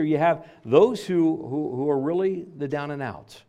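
A man's voice: fairly high pitch, normal speed, few pauses, dark tone. A man preaching a sermon, driving points home by repeating phrases. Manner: emphatic preaching with stacked repetitions.

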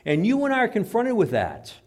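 A man preaching a sermon as pastor, swinging between loud emphatic lines and low, quiet asides. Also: huge pitch swings, brisk.

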